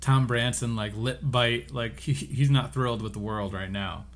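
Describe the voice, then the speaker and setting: A man co-hosting a casual podcast, recapping a TV episode and briefly acting out the characters' lines. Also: mid-range voice. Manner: animated, acts out characters' lines in quick asides. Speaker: podcast co-host.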